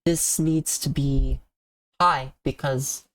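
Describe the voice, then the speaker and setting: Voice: medium pitch, fairly even intonation, slow, dry recording. A sick, congested and tired streamer giving casual, rambling commentary on a video game, often trailing off and restarting sentences.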